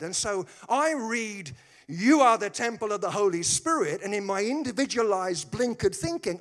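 Animated male preacher, slightly high. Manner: animated storytelling with put-on voices and humor. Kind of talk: sermon.

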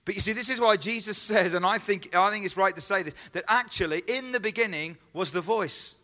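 Speaking a little fast, this pastor leans on repetition and rhetorical questions to press an earnest message. The recording carries the long reverberation of a church hall around his high, bright, forceful voice.

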